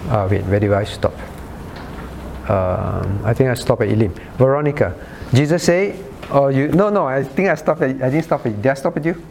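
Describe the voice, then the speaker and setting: A man's voice: mid-range voice, normal speed, vocal fry, darkish tone, a little hiss or hum. A man pastor leading a Bible study in sermon style, often asking "right?" and calling on listeners by name. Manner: rhetorical "right?" checks.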